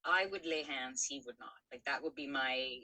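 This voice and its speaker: Podcast host, middle-aged woman, low pitch and a bright, forceful tone, frank and profane in her storytelling. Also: moderate pace, rough recording. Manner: frank, swears freely, many fillers and restarts. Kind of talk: candid personal storytelling.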